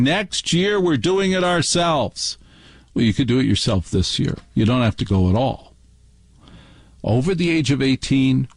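A man with a slightly husky, mid-pitched voice tells a family story on his radio show. He is animated and jumps up in pitch whenever he quotes a relative. The sound is dry and close to the mic. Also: dry recording. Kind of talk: storytelling monologue.

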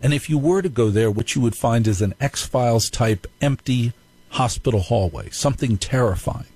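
A man's voice: medium pitch, expressive, normal speed, darkish tone, breathy edge, no echo, rough recording. A man hosting a live call-in radio show, telling stories in a playful, joking way. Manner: playful, jokey storytelling. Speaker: radio talk show host.

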